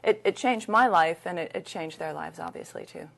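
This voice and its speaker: A woman's voice: lowish voice, normal speed, creaky. Middle-aged woman telling candid stories. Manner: candid, anecdotal, lively retelling. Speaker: interview guest, leadership consultant. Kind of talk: conversational storytelling.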